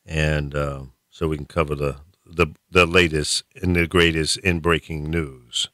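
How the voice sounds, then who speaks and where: A man's voice: rumbling low, flat delivery, measured pace, a bit bright, dry recording. A man hosting a radio show in a studio, chatting casually with his co-hosts and laughing often.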